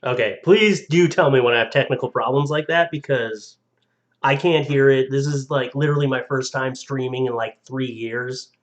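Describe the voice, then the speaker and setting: A young man live streaming into a desk mic, chatting in a casual, rambling way at a middle pitch. He reads viewer stories aloud, laughs easily, and trips over names. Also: moderate pace, dull audio.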